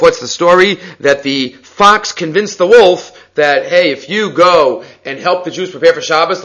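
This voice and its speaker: A man teaching a Talmud text study, an animated storyteller who acts out quotes and often restarts his sentences, on slightly dull lo-fi audio. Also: fairly high pitch. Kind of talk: lively text study lecture.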